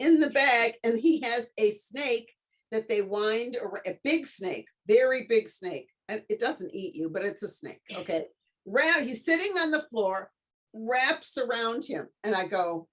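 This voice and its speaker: As a guest in an interview, this middle-aged woman, an author and tutor, animatedly narrates a story and does voices for the people in it. She talks at a normal speed with a fairly high pitch.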